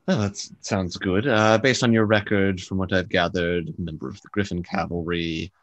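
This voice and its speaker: A man's voice: low voice, steady tone, normal speed, no echo, lightly acted. A man voicing a young, sullen and tired official as game master in a tabletop game. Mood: weary. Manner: weary, dry, reluctant.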